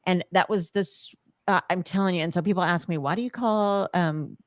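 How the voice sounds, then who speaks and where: A woman hosting a podcast, speaking gently and haltingly to her guest. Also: on the low side, no echo, clean studio sound. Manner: gentle, halting, with many restarts. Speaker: podcast host. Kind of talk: supportive interview talk.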